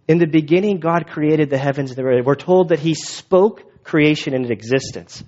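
A man's voice: a little high, a little mellow. A male pastor giving a casual, conversational sermon, in a dull lo-fi recording. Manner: casual, quick, conversational with restarts.

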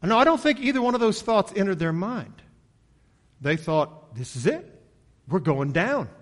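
Higher-voiced man preaching a sermon. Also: sing-song, normal speed. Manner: rises sharply and loud when voicing panicked disciples, drops soft at line ends; conversational, asks rhetorical questions.

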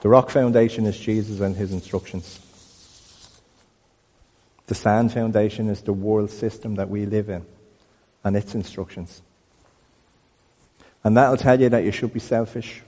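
A man preaching a sermon as a pastor, telling stories in a conversational, animated way. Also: fairly low pitch, long reverb tail. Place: church building.

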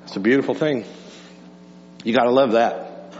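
A man's voice: mid-range voice, moderate pace, darkish tone. A man pastor preaching a conversational sermon in a church, earnest and repeating himself as he restarts phrases. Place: church sanctuary. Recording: dull lo-fi hall recording with hum.

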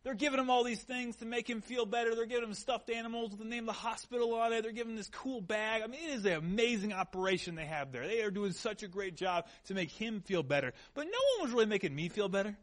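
High-voiced man preaching conversationally. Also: fast talker, few pauses. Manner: conversational preaching with personal stories; earnest, emphatic repetition. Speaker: pastor. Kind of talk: sermon.

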